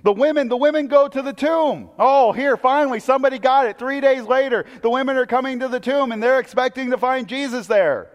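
A man preaching a sermon, telling the story with animated, acted-out quotes. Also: very high-pitched, a little fast, few pauses, in a large hall, lo-fi sound. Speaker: pastor.

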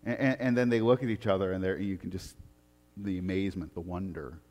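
A man preaching a storytelling sermon, retelling the story with animated energy and frequent stammered restarts. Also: low voice, brisk. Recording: long hall reverb.

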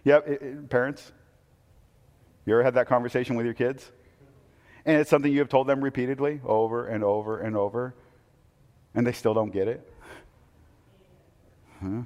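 A man preaching a sermon, telling the story with animated, acted-out quotes. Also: medium pitch, moderate pace, long pauses, long reverb tail. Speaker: pastor.

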